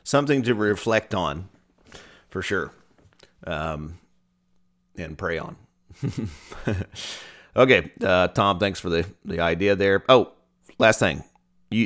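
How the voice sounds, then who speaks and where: Lively-voiced male podcast host. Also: sits low, unhurried, long pauses. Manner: laughing, relaxed, upbeat sign-offs. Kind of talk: casual chat.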